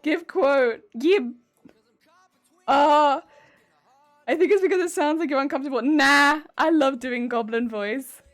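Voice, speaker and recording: A woman chats casually with her stream viewers while she works on a cosplay, giggling often and teasing back at the chat. Her voice sits high. She talks at an easy, unhurried pace, with faint music under her. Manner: playful, reads and answers chat. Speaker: livestreamer.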